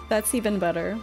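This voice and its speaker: A young woman streamer chatting casually over a game, swearing freely and answering her chat. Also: mid-range voice. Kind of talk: casual gaming commentary.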